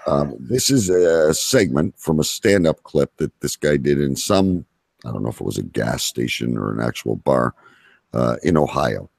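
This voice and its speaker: A man's voice: a bass voice, moderate pace, vocal fry, a little mellow, slightly rough, no room sound, clean studio sound. A man hosting a casual podcast, rambling with many fillers. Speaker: podcast host.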